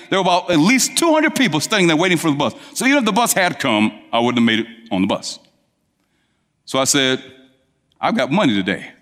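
Male preacher, lively storytelling sermon, mid pitch, long hall echo. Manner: animated, rising to high emphatic peaks. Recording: long reverb of a large hall.

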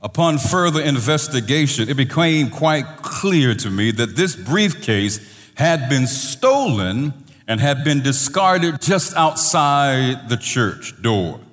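A male pastor telling a story in a sermon, animated, his voice trailing off softly at the ends of phrases. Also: mid-range voice, slow pace, long reverb tail.

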